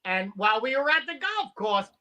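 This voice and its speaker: Male comic, high bright voice, loose swearing anecdotes that act out the people in them. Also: brisk. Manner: animated, profane anecdotes acting out other people. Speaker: comedian. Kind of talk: casual storytelling chat.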